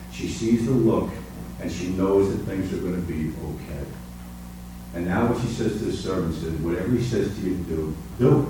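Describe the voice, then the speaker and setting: Male preacher, sermon delivery, quiet then soaring emphasis, distant mic in a very echoey hall. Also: noisy background. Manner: swings from soft, low musings to high, emphatic preaching.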